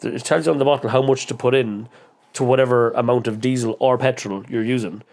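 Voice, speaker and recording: A man from the Irish midlands with an Irish accent, a podcast guest telling stories in a casual, animated way, acting out other voices and swearing freely. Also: medium pitch, brisk, creaky. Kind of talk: casual storytelling interview.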